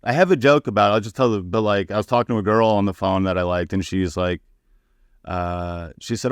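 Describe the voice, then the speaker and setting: A man with a low, smooth and resonant voice tells stories on a podcast as a comedian guest. He is candid and foul-mouthed and acts out the people in his anecdotes. The sound is dry and close. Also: brisk, dry recording. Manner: candid, profane, acting out quoted people. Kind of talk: casual podcast storytelling.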